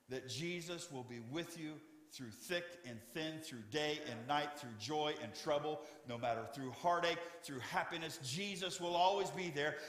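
A man preaching a sermon as pastor, reading scripture dramatically and dropping to hushed tones for emphasis. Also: fairly high pitch. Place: church sanctuary. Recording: echoey church hall with long reverb.

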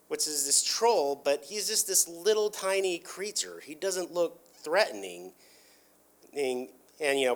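A man casually retelling a cartoon episode, rambling with lots of filler words and restarts. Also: fairly high pitch.

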